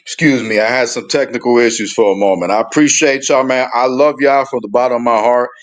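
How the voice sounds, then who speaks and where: A man hosting a live stream, ranting heatedly and cursing in a drawling voice. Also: medium pitch. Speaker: show host.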